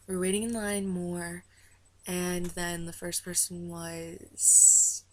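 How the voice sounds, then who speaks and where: A woman telling a story to camera in a rambling, excitable way, full of "like" and "uh". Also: lowish voice. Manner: rambling, heavy use of "like" and "uh"; excitable, gushing. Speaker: vlogger recounting a concert meet-and-greet.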